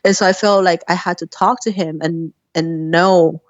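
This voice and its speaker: A woman's voice: fairly low pitch, steady tone, moderate pace, no room sound. A woman guest candidly telling a personal story in a casual interview, often laughing between sentences. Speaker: podcast guest. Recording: dull lo-fi dry sound.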